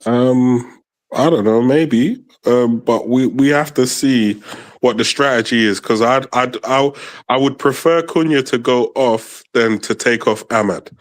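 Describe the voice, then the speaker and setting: A man co-hosting a fan stream, chatting about the match in a measured, hesitant way with many pauses and restarts. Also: medium pitch. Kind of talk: casual match chat.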